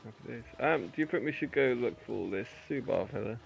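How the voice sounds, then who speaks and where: A man with a gravelly, mid-pitched voice plays a tabletop game. He chats casually with a dry humor, and a faint hum sits behind him. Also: expressive, fairly quick. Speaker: player.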